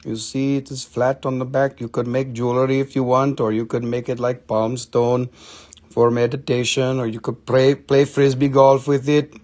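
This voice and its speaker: A man's voice: mid-range voice, little pitch movement, moderate pace, darkish tone. A man selling rocks and minerals on a live stream, chatting in a playful, goofy, joking way. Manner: playful, goofy, clowning salesman banter. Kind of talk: joking live sales chat.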